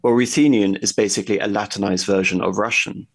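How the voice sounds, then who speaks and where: A man's voice: fairly low pitch, steady tone, quick pace. A man talking at length as a guest in a history conversation, explaining in a discursive, lecturing way and thinking aloud as he goes.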